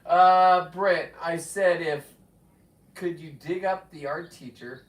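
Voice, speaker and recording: A man's voice: a little high, slow pace. Rambling man in his fifties, echoey. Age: 50s. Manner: rambling, loud outbursts, swears freely. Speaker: livestreamer reading viewer comments. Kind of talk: rambling live-stream chat. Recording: echoey, distant from the mic.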